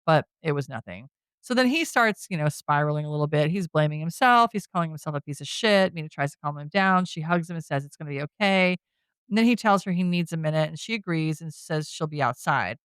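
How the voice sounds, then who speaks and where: A woman with a low, resonant, clear voice speaks a little fast and with lots of animation, with no echo at all. She's a podcast host giving a casual, scene-by-scene recap of a horror film, telling it in a chatty way and dropping "you know" and "like" all the time.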